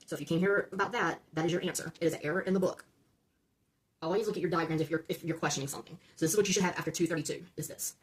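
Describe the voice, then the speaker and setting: This LEGO build-along host speaks very fast in a low, husky voice. She walks viewers through the steps casually, checking in with "okay?" and tripping over numbers only to fix them.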